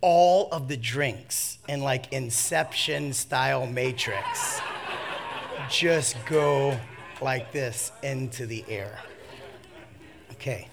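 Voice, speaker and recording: A man preaching a sermon, telling a comic personal story with lively swings from hushed asides to shouts, laughing at himself. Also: medium pitch, vocal fry, a little hiss or hum.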